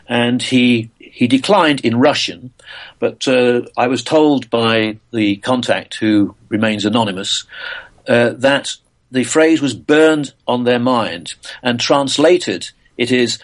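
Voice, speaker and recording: An older man from England talks through his answers as a guest on an interview show. His pitch sits in the middle of the range for a man, and he speaks in a thoughtful, halting way, with frequent uhs and small restarts. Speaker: physicist and author guest.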